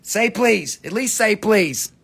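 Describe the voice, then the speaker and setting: Man, livestream mineral seller, joking and profane, raspy fry, slightly high pitch. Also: animated, slow pace, fairly bright tone. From US East Coast. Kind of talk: casual live-sale chat.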